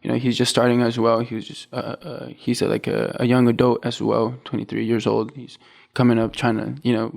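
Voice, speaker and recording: A man's voice: mid-range voice, a little fast, creaky, few pauses. A young man on a podcast, a college athlete who tells his story casually and acts out what he and others said. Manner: relaxed, quotes himself and others in a storytelling way. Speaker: athlete guest.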